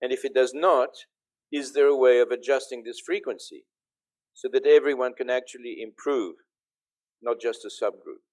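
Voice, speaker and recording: A man's voice: mid-range voice, normal speed, a little mellow. An older man, a professor, giving an online conference lecture and explaining step by step while checking that listeners can hear him.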